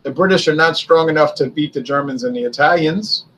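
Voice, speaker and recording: On a rough recording, a man with a fairly high, somewhat bright voice talks fairly quickly. He's a history video host delivering chatty, informal commentary, asking rhetorical questions and answering them.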